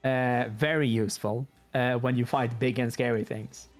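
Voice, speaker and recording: A man playing a tabletop game, explaining his attacks in a halting way with many fillers. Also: medium pitch, steady tone, faint music behind. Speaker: player.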